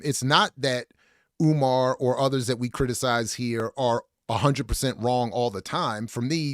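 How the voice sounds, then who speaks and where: A man's voice: medium pitch, no room sound, studio quality. A man hosting a podcast, joking around and reading out audience comments in a casual chat. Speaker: podcast host.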